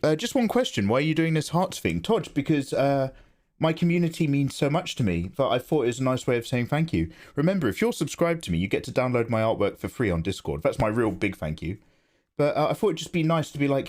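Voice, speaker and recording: A man's voice: mid-range voice, very animated, a little mellow. A man chatting casually on a live art stream, rambling, joking and reading out his chat from home. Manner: chatty, rambling, quick to joke, reads chat aloud. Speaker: live-streaming digital artist.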